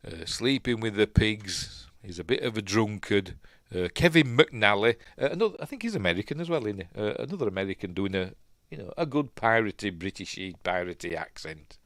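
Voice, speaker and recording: A man with a Yorkshire accent chats his way through a film as he watches it, rambling and wandering off on tangents. His voice sits on the low side but swings up and down a lot. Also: expressive, brisk, few pauses, fairly bright tone, no room sound, clean studio sound. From Yorkshire, England. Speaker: film reviewer, channel host. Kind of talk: casual rambling commentary while watching a film.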